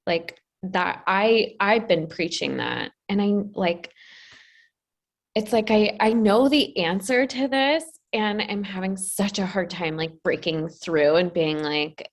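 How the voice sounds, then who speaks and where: A woman's voice: mid-range voice, unhurried. A woman client on a video coaching call, talking in an anxious, rambling way full of fillers. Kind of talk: casual talk on a coaching call.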